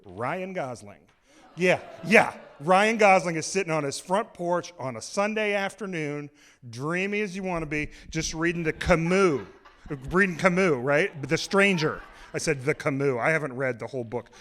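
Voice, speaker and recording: Man, comic live storyteller, excitable, rambling, self-mocking, slightly high voice. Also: normal speed, slight background noise. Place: stage of a small cultural center.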